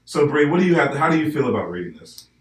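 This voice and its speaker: A man's voice: a little high, big pitch swings, fast, far from the mic. A young man from the northern United States, hosting a podcast in a blunt, joking, profane way. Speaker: podcast host. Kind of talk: casual podcast chat. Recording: echoey room, off-mic.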